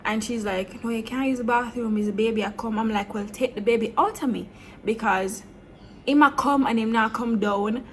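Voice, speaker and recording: A young woman telling a storytime vlog, blunt and animated, slipping between patois and standard English. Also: a little high, normal speed, slight background noise. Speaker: vlogger. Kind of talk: storytime monologue.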